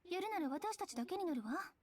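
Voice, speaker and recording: A woman's voice: extremely high pitch, lively intonation, racing, no echo. A woman voicing a playful, flirtatious female teacher in visual novel dialogue, with a teasing, sing-song manner. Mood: breezy. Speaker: teacher character.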